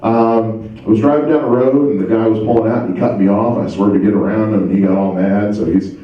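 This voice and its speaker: A man's voice: fairly low pitch, fairly even intonation, fast. Man doing stand-up in an echoey club. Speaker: stand-up comic and host. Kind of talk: stand-up comedy set. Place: comedy club stage. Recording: distant dull mic in an echoey club.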